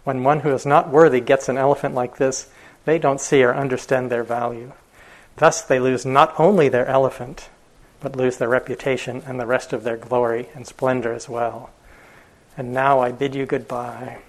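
Guy doing a gentle elephant keeper, soft and tender, mid pitch, storytelling. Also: level tone, moderate pace, close to an everyday voice, low-quality recording. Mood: defiant.

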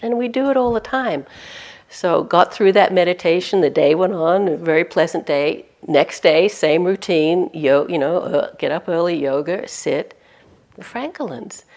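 A woman's voice: lowish voice, normal speed, darkish tone. A woman meditation teacher giving a dharma talk to a retreat audience, telling stories candidly and with self-deprecating humor.

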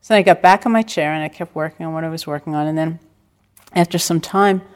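An older woman teaching meditation in a calm, reflective dharma talk, telling stories with gentle self-deprecating humor. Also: low voice, quick pace. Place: retreat center hall.

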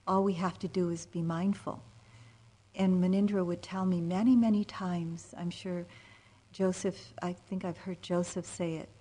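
Woman meditation teacher, dharma talk: low, husky, gentle, unhurried, near-whispered asides. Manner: soft-spoken, drifting into near-whispers; gentle and unhurried, with frequent fillers. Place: meditation retreat center.

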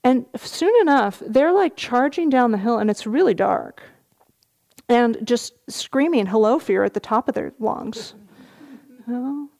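A middle-aged woman, a meditation teacher, giving a dharma talk at a retreat, telling a story gently with soft laughs. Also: on the high side, animated, a little slow, vocal fry.

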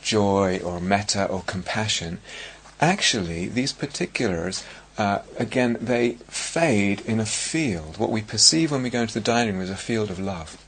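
Slow, gravelly-voiced man giving a dharma talk. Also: fairly low pitch, animated, fairly bright tone, a little hiss or hum. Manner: slow, searching, with many pauses and restarts. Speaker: meditation teacher.

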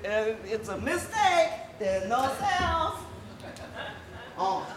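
Animated older Southern woman teaching in an echoey hall. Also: high-pitched, very slow, pauses often. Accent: Southern American. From American South. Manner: animated, laughing, playful asides to the audience. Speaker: meditation teacher. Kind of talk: dharma talk to a group. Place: meditation hall. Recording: echoey hall with faint room noise.

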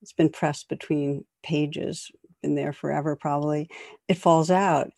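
A woman meditation teacher giving a calm, reflective dharma talk with gentle jokes. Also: sits low, measured pace, vocal fry, no echo, studio quality.

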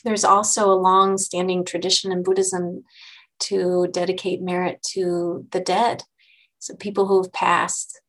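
A woman meditation teacher giving a dharma talk to her group, gentle and unhurried, pausing and restarting often. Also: on the low side, little pitch movement, poor audio.

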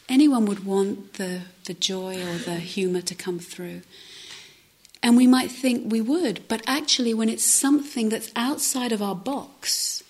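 A woman meditation teacher giving a gentle, reflective dharma talk at a retreat, often dropping to a soft near-whisper. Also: on the high side, unhurried. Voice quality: breathy, often drops to a whisper. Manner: gentle, reflective, with hesitant restarts. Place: retreat center meditation hall.

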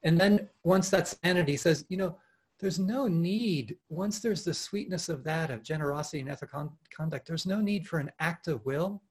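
Husky-voiced man giving an earnest dharma talk. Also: a little high, normal speed. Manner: earnest and animated, with frequent restarts and soft laughs. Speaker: meditation teacher. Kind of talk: dharma talk at an online retreat. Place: home, over a video call.

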